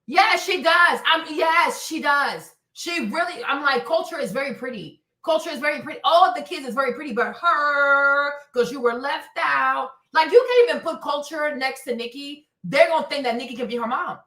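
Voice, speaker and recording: A woman hosting a livestream, gossiping loudly and dramatically, with shrieks, laughter and Spanish phrases mixed in. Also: sits high, normal speed, hardly any pauses, echoey room, distant mic, rough recording. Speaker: livestream host. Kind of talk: casual gossip commentary.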